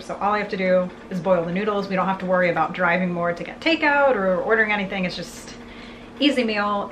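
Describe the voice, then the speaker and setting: A woman's voice: mid-range voice, poor audio. A young woman, chatting casually to camera in a vlog and laughing often. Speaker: vlogger. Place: restaurants, doctor's office and home kitchen. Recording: loud background noise.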